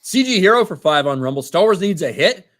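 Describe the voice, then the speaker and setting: A man's voice: sits high, big pitch swings, a little fast, fairly bright tone. Man in his thirties reading donations. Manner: reads names and messages, laughs often. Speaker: co-host reading viewer donations. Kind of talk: casual livestream banter.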